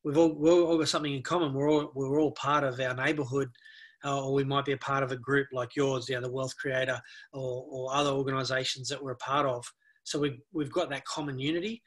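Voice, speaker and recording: Middle-aged male guest, earnest storyteller, breathy-edged voice. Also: mid-range voice, steady tone, brisk, fairly bright tone. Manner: earnest, storytelling, repeats words while thinking. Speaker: anti-bullying expert guest. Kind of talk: conversational interview.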